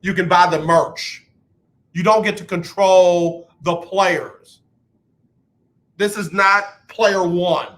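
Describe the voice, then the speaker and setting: A man's voice: high voice, fairly even intonation, slow pace, pauses often, a bit bright. A man hosting a sports talk radio show, ranting emphatically about athletes and the media and taking callers. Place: radio studio.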